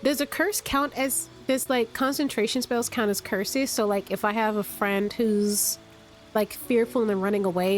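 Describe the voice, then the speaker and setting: A woman with a cold, a bit stuffy and raspy, thinking aloud as she hosts casual gameplay commentary from her room at home. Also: medium pitch. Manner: thinks aloud, rambling with restarts. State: sick, stuffy and a little raspy. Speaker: let's play host.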